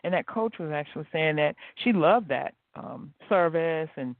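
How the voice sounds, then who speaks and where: A man's voice: a little high, expressive, moderate pace, no room sound. A man hosting a motivational podcast, telling stories with animation and acting out the quoted dialogue. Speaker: podcast host. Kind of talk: motivational solo podcast talk. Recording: dry, tinny phone-like line.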